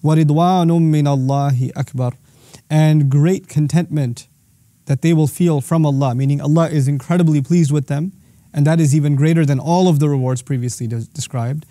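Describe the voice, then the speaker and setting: A man's voice: on the high side, fairly even intonation, a little fast, mellow, no echo, clean studio sound. A man teaching a religious lesson, quoting verses in Arabic and then explaining them patiently. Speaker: Islamic teacher.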